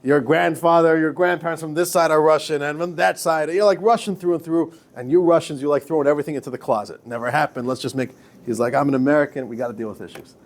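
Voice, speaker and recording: A man, a rabbi, lecturing a class in a lively, chatty way, often repeating himself and laughing at his own stories. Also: fairly high pitch, fast. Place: classroom with students.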